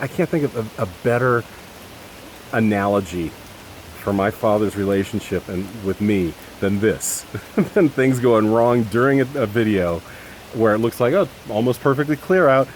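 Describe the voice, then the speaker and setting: A man in his fifties with a low, deep voice rambles and curses his way through a vlog. He holds his phone in his hand outdoors, and faint ambience hums behind him. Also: a little hiss or hum. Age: 50s. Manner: exasperated, profane, rambling. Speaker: vlogger. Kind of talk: casual vlog monologue. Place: outdoors in the rain, then under a roof and a tree. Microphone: handheld phone.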